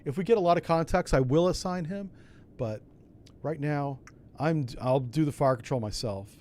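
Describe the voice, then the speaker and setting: A man streams a submarine game and talks it through step by step. His voice sits at a middling pitch, and his delivery is folksy and chatty, full of asides. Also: darkish tone. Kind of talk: casual gameplay commentary.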